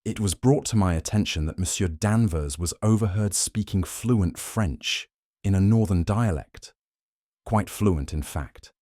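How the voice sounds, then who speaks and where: A man voicing a shrewd, fastidious Belgian detective who talks in a courteous, probing way and slips in French phrases. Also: low-pitched, mellow, no room sound, clean studio sound.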